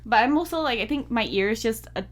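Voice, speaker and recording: A woman's voice: on the high side, animated, fast. A woman co-hosting a casual movie podcast, talking in a laid-back way with joking asides. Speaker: podcast co-host. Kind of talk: casual chat.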